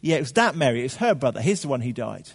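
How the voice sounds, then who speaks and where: A man's voice: medium pitch, rapid-fire, creaky, breathy edge. Male preacher, chatty sermon delivery, rhetorical questions, reverberant church hall. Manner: animated, conversational preaching with fillers and rhetorical questions.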